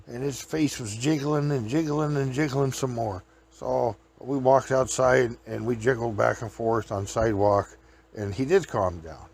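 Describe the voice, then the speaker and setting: A man's voice: mid-range voice, normal speed, gravelly, darkish tone, slight background noise. A man hosting a show, telling folksy, rambling comic stories and laughing at his own tales. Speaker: host.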